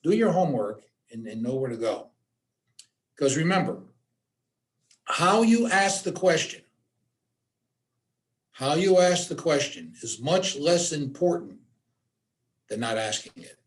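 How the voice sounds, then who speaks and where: A man's voice: a little high, big pitch swings, measured pace, pauses often. A man teaching a suicide awareness workshop, giving direct instructions and repeating his key points for emphasis. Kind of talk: workshop presentation.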